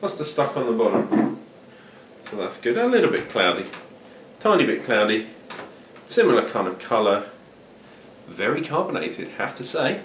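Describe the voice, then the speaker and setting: A man's voice: mid-range voice, big pitch swings, normal speed, fairly bright tone, a little hiss or hum. A man talking in a put-on Australian accent, chatting casually and jokily through a beer review with plenty of fillers. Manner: chatty, jokey, rambling with fillers. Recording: roomy, distant home-video sound.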